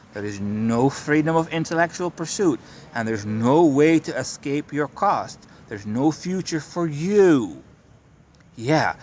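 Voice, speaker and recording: A man's voice: on the high side, slight background noise. Profane, ranting male street preacher. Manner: profane, emphatic, keeps insisting he is telling the truth. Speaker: self-described prophet and street preacher. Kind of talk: ranting monologue.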